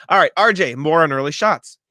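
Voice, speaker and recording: A man's voice: a little high, bright, forceful tone, no echo. A man in his twenties co-hosting a sports podcast, chatting casually, reading listener mail aloud and laughing often. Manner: quick, chatty, laughs often between remarks. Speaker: podcast co-host.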